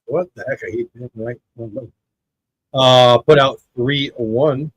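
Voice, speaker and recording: This baseball watch-party host, an American in his fifties, talks slowly and steadily at medium pitch, chatting and rambling between the game and viewers' comments, which he reads out. The recording is rough.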